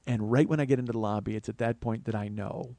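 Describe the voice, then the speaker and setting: A man's voice: mid-range voice, fast, dark tone, no echo. A man hosting a comedy podcast, telling a rambling, profane, self-mocking personal story.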